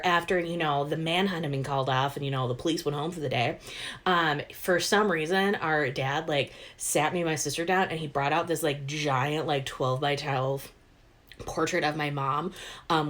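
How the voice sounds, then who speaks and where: A woman casually telling a funny childhood story, animated and playful as she acts out the voices. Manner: animated, acts out quoted voices with big jumps in pitch and loudness.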